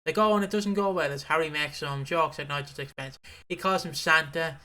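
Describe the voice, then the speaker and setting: Guy with a bright slightly high voice, rambly and sweary, podcast chat. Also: fairly quick. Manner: rambling, swears freely, chatty. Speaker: podcast co-host. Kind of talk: casual chat.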